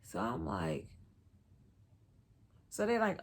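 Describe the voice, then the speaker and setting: Animated young woman telling a wild story. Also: measured pace, creaky, breathy edge. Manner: animated, profane, acts out quotes with big pitch jumps. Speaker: vlogger telling a personal story. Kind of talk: casual storytime.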